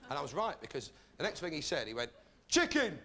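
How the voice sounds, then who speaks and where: Sardonic comedy host, lively pitch. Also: male voice, racing, vocal fry, heavy background noise. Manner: sardonic, deadpan delivery with mock rudeness. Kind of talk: stand-up comedy monologue.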